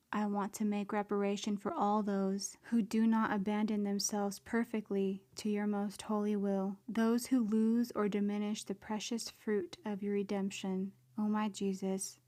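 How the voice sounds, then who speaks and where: A woman's voice: medium pitch, warm tone. A woman reading a devotional prayer text in an earnest, prayerful way. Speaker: devotional reader.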